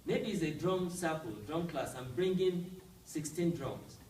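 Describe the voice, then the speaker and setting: A man's voice: on the high side, a little slow, darkish tone, echoey room, far from the mic, a little hiss or hum, rough recording. A man teaching a language class, explaining step by step and often checking with "right?". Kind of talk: classroom lesson.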